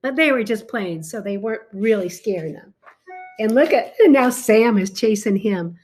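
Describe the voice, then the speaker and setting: A woman reading a picture book aloud to a child, stopping often to point things out and ask him questions in an animated, exclaiming way. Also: mid-range voice, breathy edge, faint music behind. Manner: animated, talks to a child between pages; slow and warm, exclaiming often. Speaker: reader to a child.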